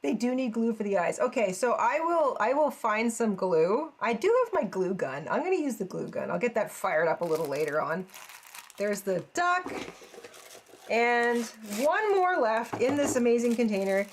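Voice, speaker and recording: A woman's voice: a little high, big pitch swings, normal speed. A woman hosting a crafting channel, chatting casually and gushing over each piece with frequent exclamations and little laughs. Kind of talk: casual unboxing chat.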